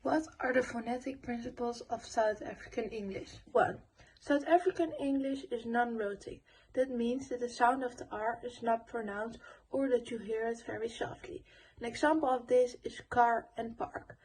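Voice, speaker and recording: A young woman giving a school presentation voice-over, reading her notes with pauses and fillers. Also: a little high, a little mellow, slight background noise, low-quality recording. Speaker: student presenter.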